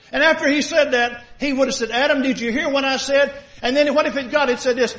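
Very high-voiced and a bit bright, this male pastor talks fast with few pauses and a steady tone. His sermon is conversational, peppered with rhetorical questions aimed at the congregation. It comes through on a dull, lo-fi recording.

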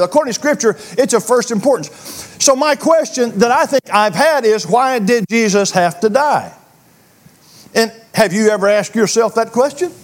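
A man preaching a sermon to his congregation, earnest and questioning, often repeating words as he builds a point. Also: high-pitched. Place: church.

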